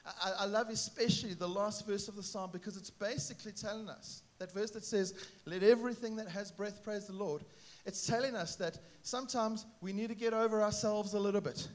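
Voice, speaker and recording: A man preaching a sermon at a church gathering, upbeat and animated, with frequent "uh" fillers. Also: sits high, a little fast. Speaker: pastor.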